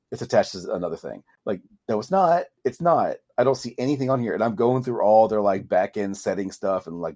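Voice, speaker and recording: A man's voice: fairly low pitch, a little mellow. A man co-hosting a podcast, ranting in casual chat with frequent swearing and restarts, his voice leaping up when frustrated. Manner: swears freely, self-interrupting. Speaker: podcast co-host.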